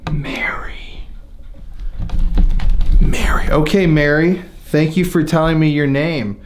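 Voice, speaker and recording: A man's voice: fairly high pitch, steady tone, moderate pace, noisy background. Man taunting a ghost in an echoey room. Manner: confrontational, taunting, swears. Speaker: paranormal investigator. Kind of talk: provoking a ghost during an investigation. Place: inside an old historic building at night.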